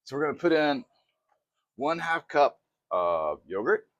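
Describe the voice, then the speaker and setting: A man chatting through a casual cooking demo in his home kitchen, excitable and poking fun at himself. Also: medium pitch, a little slow, no room sound, highs cut off. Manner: chatty, excitable, self-mocking. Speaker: cooking vlogger.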